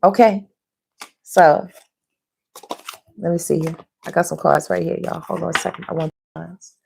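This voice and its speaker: A woman's voice: lowish voice, moderate pace, creaky, a little hiss or hum. A middle-aged woman, a tarot reader talking casually and animatedly to her viewers and calling them baby and girl. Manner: chatty and animated, calls listeners baby and girl, laughs often.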